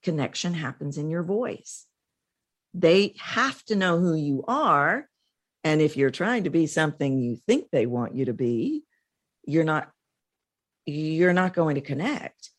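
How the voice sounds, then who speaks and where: A woman's voice: low voice, sing-song, a little slow. A woman voice coach speaking emphatically as a guest in an interview.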